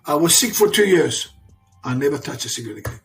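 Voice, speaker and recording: A man's voice: on the high side, lively intonation, fast talker, fairly bright tone, soft background music. A man in his sixties, an interview guest, telling personal stories emphatically and repeating himself for weight. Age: 60s. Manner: emphatic and repetitive, restarts sentences. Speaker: interview guest, father of a champion. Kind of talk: emotional storytelling in conversation.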